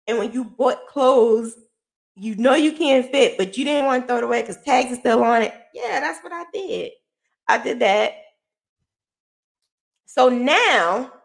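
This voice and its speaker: Telling her own story on a casual vlog, a woman is candid, emotional and freely profane. She goes low and quiet at times, then loud and laughing.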